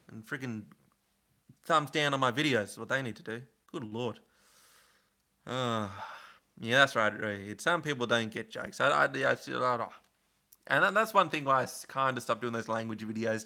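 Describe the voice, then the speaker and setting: Male streamer, casual rambling chat with viewers, very bright and forceful tone. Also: mid-range voice. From Australia. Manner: rambling, chatty, answering chat comments. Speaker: livestream host.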